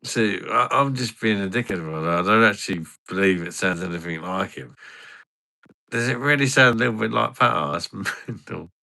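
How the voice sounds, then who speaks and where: A man's voice: fairly low pitch, moderate pace, creaky, sharp tone, dry recording. A man chatting casually and a bit tipsy, rambling, swearing and laughing often. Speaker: channel host.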